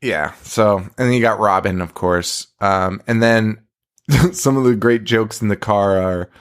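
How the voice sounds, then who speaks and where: A man's voice: on the low side, measured pace, clear, resonant tone. A man co-hosting a podcast, recapping a movie in casual chat, sarcastic and profane with frequent laughter. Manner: sarcastic, swears a lot, laughs often. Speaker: podcast co-host.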